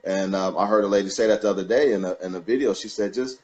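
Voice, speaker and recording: A man's voice: sits low, fairly even intonation, racing, darkish tone, highs cut off. A man as a guest on a live stream, giving emphatic and encouraging motivational talk. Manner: emphatic, encouraging, builds to a passionate peak.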